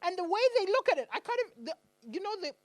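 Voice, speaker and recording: A man from Malawi performing a stand-up comedy set in a club, telling stories animatedly and acting out shouting characters. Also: very high-pitched, very animated, quick pace, dry recording.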